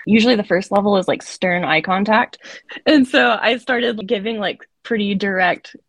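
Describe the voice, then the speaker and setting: A woman's voice: mid-range voice, moderate pace, a bit bright, no room sound. A woman podcast co-host telling a story in a casual, chatty way, often saying "like".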